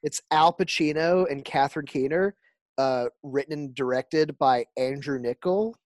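A woman co-hosting a podcast in casual chat, animated, laughing often and swearing freely. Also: low voice, normal speed, no room sound. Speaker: podcast co-host.

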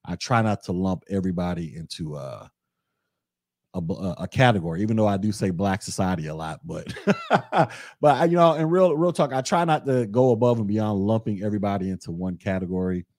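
A young man hosting a podcast, talking through his views in a relaxed, conversational way and reading chat comments aloud. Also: low voice, fast talker, no echo, studio quality. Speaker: podcast host. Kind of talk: casual commentary monologue.

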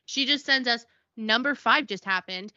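Bright-voiced woman telling stories. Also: a little high, moderate pace, no echo, lo-fi sound. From Connecticut. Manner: animated storytelling, acts out quoted people. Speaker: podcast co-host. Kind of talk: casual chat.

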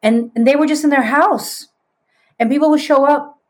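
A woman in her late forties, a psychic medium, telling her story in a casual, animated way and mixing in Spanish words. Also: sits high, normal speed. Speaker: podcast guest, psychic medium.

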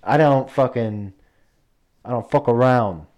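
A man's voice: mid-range voice, a little slow, a little mellow. Rambling, profane podcast guy. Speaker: podcast co-host. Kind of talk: casual podcast chat.

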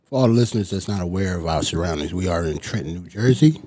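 A man co-hosting a casual podcast chat, loud and incredulous in his exclamations. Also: low-pitched, expressive, quick pace, husky, no echo. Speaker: podcast co-host.

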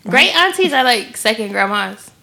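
Higher, gravelly woman with quick jabs. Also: very animated, sharp tone. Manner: quick, teasing interjections. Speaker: podcast co-host. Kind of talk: casual podcast chat.

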